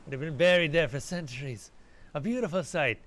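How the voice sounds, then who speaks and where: A man's voice: on the high side, fairly quick, a bit bright, lightly acted. A man voicing a boastful old pirate ghost. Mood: grim, boastful. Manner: salty pirate talk with "matey" and "me crew". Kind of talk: reading game dialogue aloud in character.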